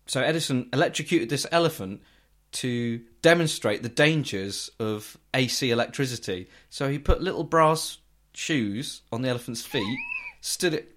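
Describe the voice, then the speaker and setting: Young male co-host, even-pitched, wry storyteller with quick jokes. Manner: playful, storytelling, dry jokes. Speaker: podcast co-host. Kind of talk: casual comedic chat.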